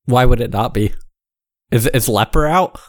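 A man's voice: mid-range voice, moderate pace, dry recording, clean studio sound. A man co-hosting a podcast, bantering casually and needling his co-host with sarcastic jabs. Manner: teasing, sarcastic.

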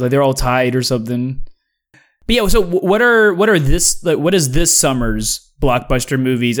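A young man with a slightly high voice, chatting on a podcast in a loose, joking way. He often slips into mocking impressions of other people. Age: young adult. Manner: animated, jokey, mimics others in high voices. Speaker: podcast co-host. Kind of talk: casual chat.

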